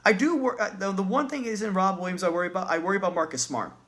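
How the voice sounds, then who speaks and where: A man's voice: high-pitched, quick pace, a bit bright. A man ranting as a basketball fan in a vlog, agitated, profane and repeating himself. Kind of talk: sports rant vlog.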